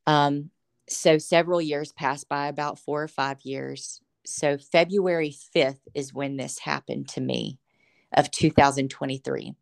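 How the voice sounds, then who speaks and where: A woman's voice: low-pitched, fairly even intonation, measured pace, vocal fry. A woman, a podcast guest, telling her faith testimony in casual chat, earnest and emotional, often breaking into laughter.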